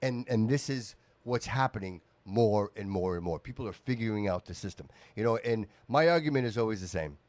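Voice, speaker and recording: A man's voice: on the low side, brisk, hardly any pauses, no echo. A man hosting a casual political talk podcast, speaking emphatically and calling people "dude". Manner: animated, emphatic, says "dude" often. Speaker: podcast host.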